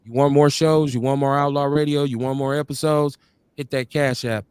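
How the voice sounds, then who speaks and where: A man hosts a live-streamed show in a laid-back, easygoing manner, often repeating his words. His voice is at an average pitch and sounds dry and close, with no room echo. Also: steady tone, normal speed, a little mellow, clean tone. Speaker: podcast host. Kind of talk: casual live-stream hosting. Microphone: video call.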